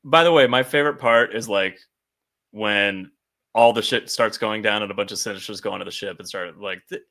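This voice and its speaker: A man co-hosting a casual comic book podcast, animated and laughing often as he acts out scenes. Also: lowish voice, a little fast. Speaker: podcast co-host.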